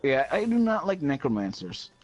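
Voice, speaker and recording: A man's voice: on the high side, very animated, moderate pace, soft background music, poor audio. Goofy joking male streamer. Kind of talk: casual gaming stream chat.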